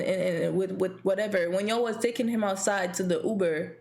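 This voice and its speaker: A young woman streamer telling a story in casual chat, animated and blunt, swearing and laughing often. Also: medium pitch, brisk, hardly any pauses.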